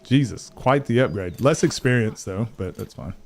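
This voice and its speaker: A man's voice: medium pitch, animated, normal speed, creaky, slight background noise. Young guy streamer, rambling and swearing, tired late-night banter with chat. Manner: rambling, joking, swears freely, reacts to chat. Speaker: gaming streamer. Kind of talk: casual live-stream chat.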